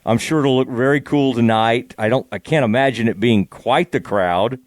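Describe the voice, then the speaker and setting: A man's voice: medium pitch, moderate pace, no room sound. A man hosting a casual chat, asking easygoing, rambling questions. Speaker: podcast host.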